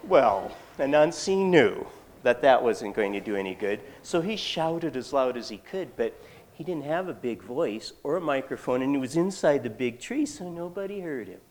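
A storyteller telling a folktale live, folksy and animated with rambling asides. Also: medium pitch, moderate pace.

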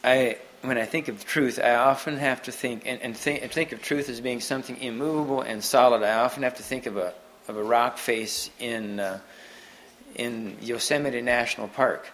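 A man giving an unscripted sermon to a Mennonite congregation, halting often and restarting his sentences. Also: mid-range voice, steady tone, a bit bright, slight background noise, rough recording. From Mennonite community. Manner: halting, many restarts and repeated words. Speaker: preacher.

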